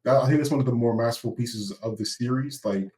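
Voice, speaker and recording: A man's voice: medium pitch, quick pace, a little mellow. A man co-hosting a podcast in a casual discussion, searching for words with many fillers. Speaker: podcast co-host. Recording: voice a bit far from the mic.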